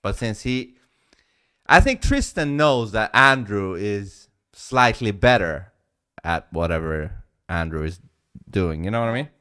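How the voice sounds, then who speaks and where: A man's voice: lowish voice, lively intonation, a little slow, bright, forceful tone, clean tone. A man hosting a reaction video, giving casual commentary and thinking aloud. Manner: loose, thinking aloud with fillers.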